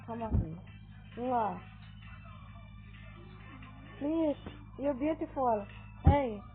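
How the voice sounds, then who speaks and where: Excitable woman narrating her gameplay. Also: a little high, slow, pauses often. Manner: excitable, exclaiming at the game; talks to viewers as "guys". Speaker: gaming video creator. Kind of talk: casual gameplay commentary. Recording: tinny phone-like audio with faint game music.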